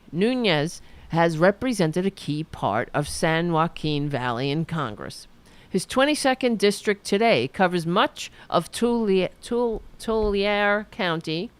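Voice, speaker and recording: A woman hosting a political talk show, reading a news article aloud and breaking off into sarcastic asides. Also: clear, resonant tone. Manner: sarcastic asides while reading, lively pitch. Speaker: political podcast host.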